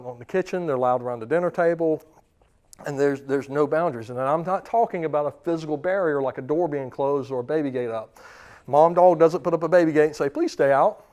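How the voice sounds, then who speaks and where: Man, dog trainer, seminar talk, conversational, somewhat high pitch. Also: a little mellow, clean tone. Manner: conversational, repeats words, often checks in with "okay?". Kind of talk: seminar lecture to clients.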